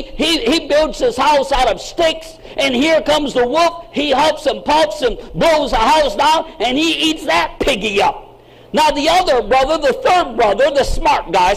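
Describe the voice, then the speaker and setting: Male pastor, very high voice, exclamatory sermon storytelling. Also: low-quality recording. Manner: exclamatory, repetitive preaching cadence.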